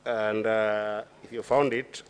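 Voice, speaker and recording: A man with a Kenyan accent, a senator questioning a witness at a formal hearing, speaking deliberately with many fillers and restarts in a senate chamber. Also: lowish voice, flat delivery, clean tone.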